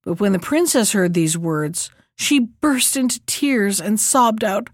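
A woman narrating a fairy tale in a steady, measured reading. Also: mid-range voice, no room sound, clean studio sound. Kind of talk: storybook reading.

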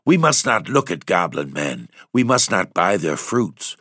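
Man doing a wide-eyed young girl, eager and breathless-ish hush, lively ups and downs. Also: low-pitched, a little slow, no echo, studio quality, exaggerated voice. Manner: urgent hushed pleading. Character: curious young maiden, eager and wistful.

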